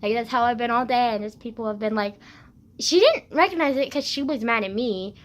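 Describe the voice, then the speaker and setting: A woman's voice: a little high, a little fast. A teenage girl vlogging while congested with phlegm, retelling her school day in a dramatic rant full of swearing. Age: teens. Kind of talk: casual rant.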